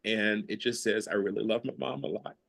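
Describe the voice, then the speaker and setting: Over a video call, a man leads a mindfulness class and shares his feelings in a rambling, casual way, laughing often and using lots of fillers. His voice is lowish, brisk, creaky and a bit bright, with fairly even intonation, and the talk is heartfelt group sharing.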